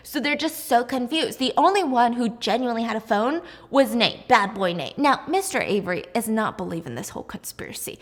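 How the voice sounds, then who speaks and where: A young woman casually retelling a mystery story while baking, chatty and animated, acting out the characters' lines. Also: fairly high pitch, a little fast, hardly any pauses, in a large hall. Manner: animated, chatty, acts out quotes. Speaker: storytelling baker host.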